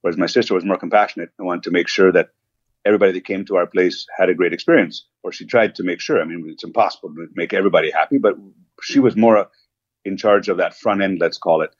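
A man's voice: deep voice, fast talker, no room sound, highs cut off. A man, a restaurant owner, telling rambling stories with lots of asides as a guest in a casual interview. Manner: rambling, animated storyteller, many asides.

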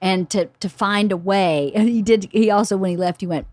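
A woman hosting a podcast, telling a story in a casual, animated way and laughing often. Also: mid-range voice, a little fast, hardly any pauses, no room sound. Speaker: podcast host.

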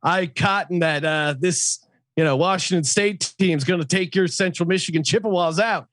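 A boastful old-time bar bettor, as a man puts him on with a vague folksy drawl, talking over the bar in a fairly high, dry voice. The drawl is loose and wanders, never pinned to one place. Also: normal speed, fairly bright tone, no echo.

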